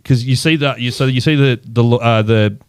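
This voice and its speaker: A man's voice: medium pitch, fairly even intonation, clear, resonant tone, no echo, studio quality. A man co-hosting a podcast, rattling through film details in a rambling, restarting way. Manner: fast, rambling recounting with restarts. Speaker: podcast co-host. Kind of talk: casual chat.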